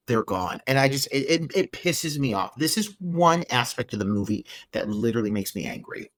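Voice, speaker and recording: A man's voice: medium pitch, lively intonation, moderate pace, no echo. A man co-hosting a movie podcast, ranting with exasperation in casual chat. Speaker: podcast co-host.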